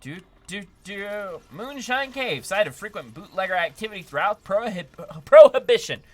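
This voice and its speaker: A man's voice: sits high, animated, moderate pace, sharp tone. A man giving chatty, upbeat live commentary while playing a video game, often laughing and talking to his chat. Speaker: streamer.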